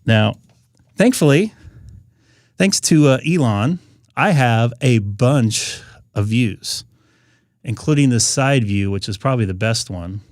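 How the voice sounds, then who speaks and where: A man's voice: mid-range voice, expressive, slow pace, long pauses, no echo. Man chatting on a live stream, dry sound. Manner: conversational, rambling with frequent fillers and restarts. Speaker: ham radio live-stream host. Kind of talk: casual live-stream talk.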